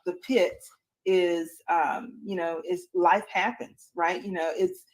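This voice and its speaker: Woman host, low voice, faith-based encouragement, preachy, filler-heavy. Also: steady tone, slow pace, a little mellow, poor audio. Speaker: podcast host.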